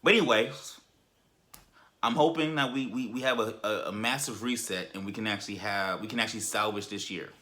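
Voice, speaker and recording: A man ranting casually as a sports fan on his vlog, animated and emphatic, often repeating words as he restarts. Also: lowish voice, fairly quick.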